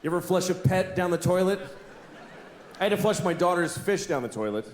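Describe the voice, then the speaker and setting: A man's voice: sits high, lively intonation, fairly quick. Exasperated stand-up man, echoey venue. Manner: exasperated, acts out voices in wild jumps. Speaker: stand-up comedian. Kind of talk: stand-up comedy routine. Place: comedy stage in a large venue with audience. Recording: echoey live venue with ambient noise.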